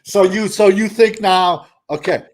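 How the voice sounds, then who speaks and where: A man co-hosting a sports show, animated and insistent while arguing with a fellow panelist. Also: sits high, unhurried. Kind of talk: heated sports debate.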